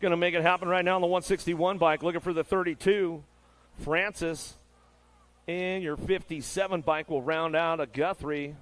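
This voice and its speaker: Race announcer, man, somewhat high voice, quick slangy play-by-play, hyped but easygoing. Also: fairly even intonation, a bit bright. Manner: hyped, laid-back slang-filled patter. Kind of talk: live play-by-play commentary.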